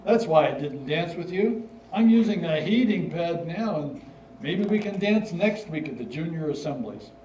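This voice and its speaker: A man's voice: fairly high pitch, expressive, moderate pace, warm tone, far from the mic, a little hiss or hum, lightly acted. An older man in a staged reading, playing an earnest, slightly formal schoolboy writing letters. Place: stage in a hall. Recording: dull, roomy hall recording from afar.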